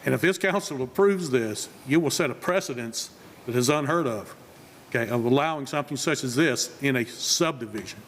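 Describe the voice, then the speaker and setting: A man's voice: medium pitch, expressive, fairly quick, a little hiss or hum. A man who works as a contractor giving a firm, blunt public comment at a county meeting, with rhetorical questions. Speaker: resident and construction contractor. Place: county commission meeting room.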